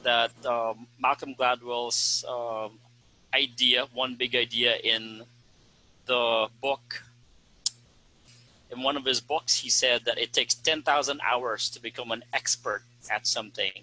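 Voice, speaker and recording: Bright-voiced man explaining teaching tips. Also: mid-range voice, steady tone, takes it slowly, no room sound, poor audio. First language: Tagalog. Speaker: host and ESL teacher. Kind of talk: casual panel discussion.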